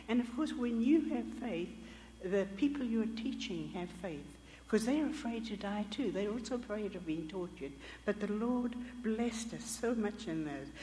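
Older woman, missionary testimony preacher, lively storyteller who acts out quoted voices, long hall reverb. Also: medium pitch, a little hiss or hum. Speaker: missionary speaker.

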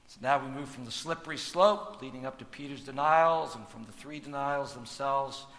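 A man preaching a sermon as pastor, with dynamic delivery that swings from hushed lines to loud, emphatic ones. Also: mid-range voice, normal speed, long reverb tail.

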